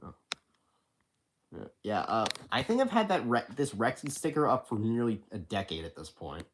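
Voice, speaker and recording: A teenage boy chatting casually on a livestream from his bedroom, halting and rambling with many restarts. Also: mid-range voice, sing-song, slight background noise. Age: teens. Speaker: livestream host.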